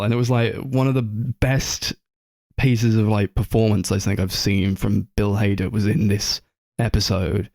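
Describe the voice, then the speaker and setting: A young man with a lowish voice, talking loosely with a stream of fillers and the odd swear word. His voice sits dry and close on the mic, with no room sound at all. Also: level tone, a little slow, vocal fry, darkish tone, dry recording. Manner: rambling, lots of fillers and swearing. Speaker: podcast co-host. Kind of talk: casual film chat.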